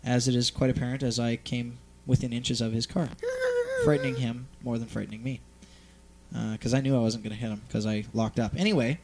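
A man's voice: mid-range voice, fairly even intonation, brisk, darkish tone, slight background noise. A man hosting a show, telling a long story in casual chat, rambling, swearing freely and using plenty of fillers. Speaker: host.

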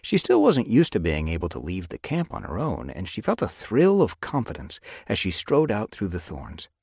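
A man narrating a children's animal novel as an audiobook, with expressive storytelling. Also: sits low, moderate pace, gravelly, slightly rough, no room sound, clean studio sound. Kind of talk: scripted narration.

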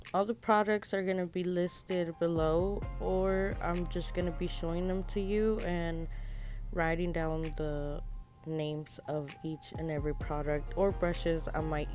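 A young woman vlogger giving a casual makeup tutorial, chatty and relaxed as she talks straight to her viewers. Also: deep voice.

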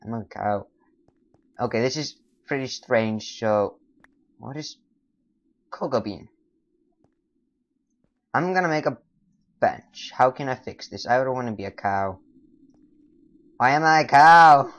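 A young man whose first language is not English, rambling through casual let's play commentary with sudden loud, silly outbursts. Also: mid-range voice, unhurried, pauses often, highs cut off. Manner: rambling, excitable, bursts of loud silly exclamations. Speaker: gamer.

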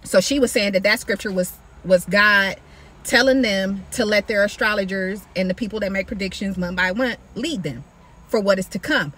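A woman talks casually to her viewers about scripture, calling them baby and y'all in an animated, preachy way. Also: mid-range voice, moderate pace, slight background noise. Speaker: faith video creator. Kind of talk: casual Bible-study talk to camera. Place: outdoors in sunlight.

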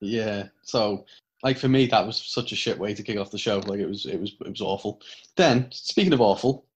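A man's voice: lowish voice, normal speed, highs cut off. A man co-hosting a casual wrestling review podcast, ranting and swearing, often breaking into laughter. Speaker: podcast co-host.

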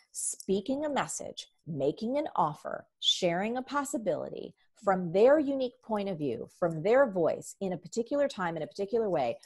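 A woman's voice: on the low side, darkish tone, slightly rough. A woman guest in a casual conversation, talking animatedly and acting out her past thoughts in voices.

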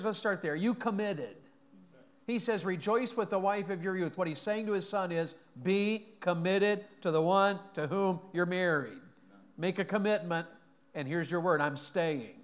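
A man preaching a sermon in a church, folksy and joking, often asking the congregation questions. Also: fairly high pitch. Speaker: pastor. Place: church sanctuary.

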